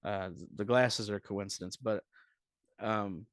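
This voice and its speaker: A man's voice: fairly low pitch, steady tone, unhurried, no echo, clean studio sound. A man who is a comedian, chatting casually on a podcast as a guest and telling rambling, profane stories.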